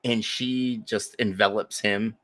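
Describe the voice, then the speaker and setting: A man's voice: fairly low pitch, fairly even intonation, slow, fairly bright tone, no room sound. A man co-hosting a podcast who chats casually in an emphatic, profane and sarcastic way. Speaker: podcast co-host. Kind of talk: casual chat.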